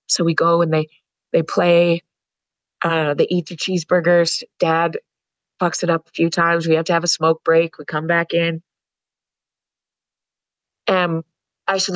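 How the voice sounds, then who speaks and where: Low-voiced woman telling a candid story. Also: little pitch movement, moderate pace, long pauses, no echo, rough recording. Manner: candid, earthy, swears freely. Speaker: psychologist guest. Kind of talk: storytelling in a podcast interview.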